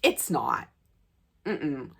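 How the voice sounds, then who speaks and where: A woman voicing her skeptical friend, who flatly and slowly refuses to believe her. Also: a bass voice, gravelly, husky, voice pushed down, full character voice. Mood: doubtful.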